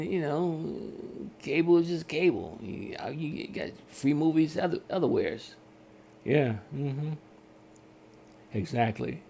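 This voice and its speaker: There's a little hiss or hum behind this podcast host's gravelly, medium-pitched voice. He rants casually through an animated story, acting out customer service calls with a range of voices.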